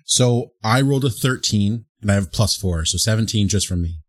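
A man's voice: on the low side, normal speed. A man playing in a tabletop game, rambling and hesitant. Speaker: player. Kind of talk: casual tabletop game chat.

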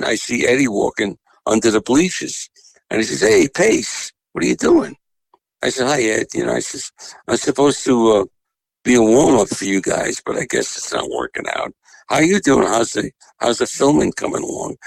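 A man's voice: fairly low pitch, vocal fry, no room sound, rough recording. A man, a comedian telling profane showbiz stories as a guest. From Long Island, New York. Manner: salty, profane, animated yarn-spinning. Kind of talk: anecdotal storytelling.

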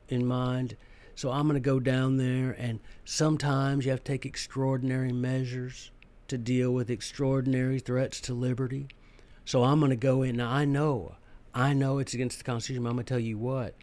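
A man voicing a scheming Roman general who calmly justifies marching on the capital, in a folksy matter-of-fact way. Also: mid-range voice, close to an everyday voice.

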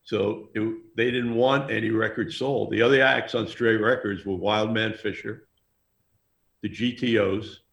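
A man's voice: fairly low pitch, fairly even intonation, measured pace, gravelly, fairly bright tone, reverberant. A man telling long, rambling anecdotes in a casual interview, often laughing as he goes. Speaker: music manager guest.

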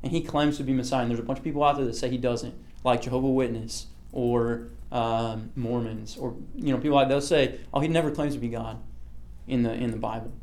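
A man's voice: medium pitch, fairly even intonation, a little fast, hardly any pauses, darkish tone. A man leading a casual Bible study, talking through a passage in a conversational way, often checking in with "okay" and asking the group questions.

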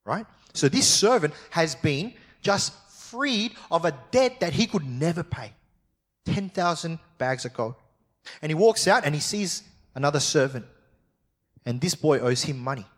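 A man's voice: on the high side, animated, unhurried. A man preaching a sermon as pastor, talking with his listeners in a conversational way, often checking in with them, and reading scripture aloud with expression. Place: church service.

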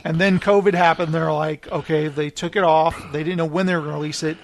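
Male podcast host, high voice, casual rambling storyteller. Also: fast, gravelly, a little hiss or hum. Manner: animated, rambling storyteller who laughs often. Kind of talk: casual chat.

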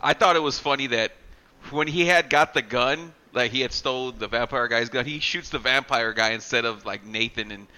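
A man with a very bright, sharp voice talks through a movie scene in loose, rambling chat. He swears freely and jumps up in pitch when he acts out lines. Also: normal speed, poor audio. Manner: rambling, profane, acts out quotes with rising pitch. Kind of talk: casual movie discussion.

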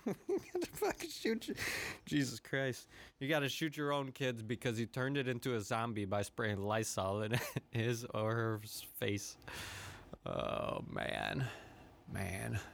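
A man's voice: lowish voice, slight background noise. A man hosting a podcast, ranting casually with lots of swearing, laughter and rambling asides. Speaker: podcast host. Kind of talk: profane comedic rant.

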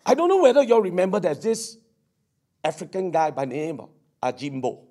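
Excitable higher-voiced male pastor. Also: a little fast. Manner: excited storytelling with stammered restarts and exclamations. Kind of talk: sermon.

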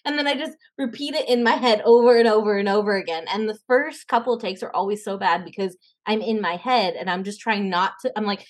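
A young woman, an actress and podcast guest, chatting casually and telling animated stories, acting out the voices she quotes and laughing often. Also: medium pitch, fast, hardly any pauses. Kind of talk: casual interview chat.

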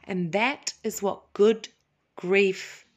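A woman hosting a spiritual talk, speaking in a gentle, slow, soothing way and now and then acting out little voices to make her point. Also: medium pitch, fairly even intonation, highs cut off. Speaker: podcast host.

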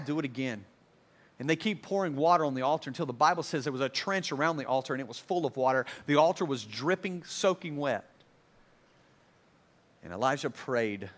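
A man's voice: medium pitch, fairly bright tone. A pastor preaching a sermon to a congregation at a church service, earnest and repetitive, building emphasis as he goes.

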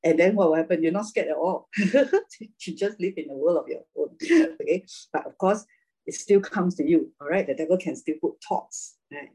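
A woman's voice: sits low, normal speed, mellow, husky, low-quality recording. A woman teaching a casual Bible class, chatty, laughing often and checking in with "right?".

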